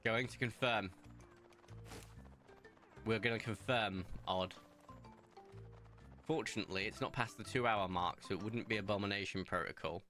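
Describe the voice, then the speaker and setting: A man's voice: on the low side, moderate pace, long pauses, bright, forceful tone. A young man chatting casually while streaming a video game, rambling into stories and asides. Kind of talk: casual gameplay commentary. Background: faint game music.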